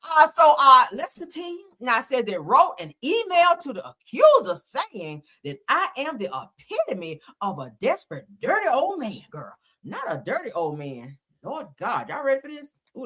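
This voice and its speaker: A woman's voice: fairly high pitch, pushed and bright, slightly rough. A woman giving sassy, dramatic gossip commentary, full of exclamations.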